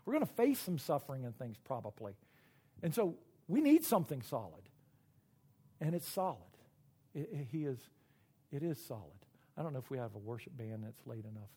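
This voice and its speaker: A middle-aged man preaching a sermon, earnest and emotional, often halting and repeating words. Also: mid-range voice, big pitch swings, mellow, breathy edge. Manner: earnest and personal. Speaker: pastor.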